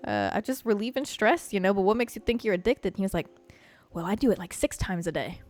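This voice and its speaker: A woman's voice: mid-range voice, lively intonation, fast, a little mellow. Frank, rambling woman podcast host. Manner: rambling, frank, laughs often. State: high. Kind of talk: casual confessional chat.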